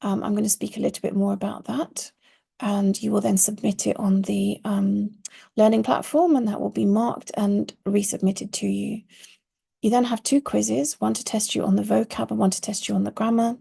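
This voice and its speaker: A woman's voice: medium pitch, little pitch movement, normal speed, gravelly, warm tone, husky. A woman teaching Quranic Arabic in an online course, explaining patiently and stressing key words.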